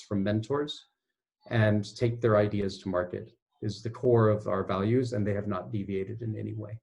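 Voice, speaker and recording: A man giving a relaxed, self-deprecating conference talk over a video call. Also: lowish voice. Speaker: guest speaker. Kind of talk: online conference presentation.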